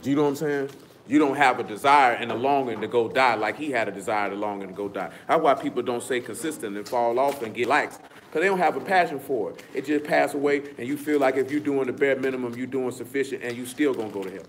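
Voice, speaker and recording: A man of middle pitch leads a scripture lesson for a small home gathering. He coaxes his listeners casually, then presses his points with preachy emphasis. A faint hiss sits under his voice. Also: quick pace. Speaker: Bible study teacher.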